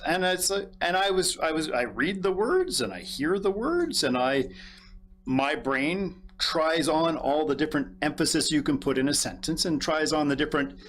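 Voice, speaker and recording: A man's voice: fairly high pitch, expressive, normal speed, a bit bright. A man co-hosting a talk show, telling rambling self-deprecating stories with restarts and laughs. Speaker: co-host. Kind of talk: casual talk-show chat.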